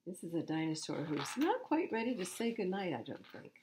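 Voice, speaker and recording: A woman's voice: lowish voice, big pitch swings, brisk, hardly any pauses, a little mellow, a little hiss or hum. A woman reading picture books aloud to children at storytime, expressively and with asides to the listeners. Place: public library.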